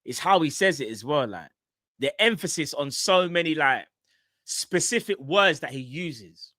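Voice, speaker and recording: A man's voice: fairly high pitch, measured pace, no echo, studio quality. A man co-hosting a casual football live stream, bantering with slang. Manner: animated banter, London slang.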